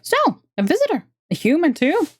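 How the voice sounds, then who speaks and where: A woman voicing an impatient, bitter elf sorceress in a game, with a squeaky, haughty, curt manner. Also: wildly swooping pitch, normal speed, dry recording, clean studio sound. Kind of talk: character voice in a narrated game.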